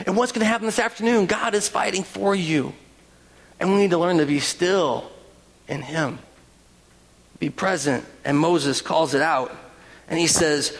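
A man preaching a sermon as pastor, animated, with rhetorical questions and quoted voices. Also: on the high side, measured pace. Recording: long reverb of a large hall.

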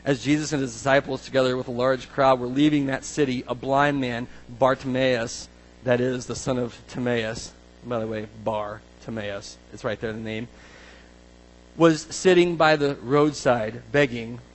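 A man preaching a sermon, dramatic, acting out scripture voices and swinging between hushed lines and shouts. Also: mid-range voice, steady tone, normal speed, a little hiss or hum, low-quality recording.

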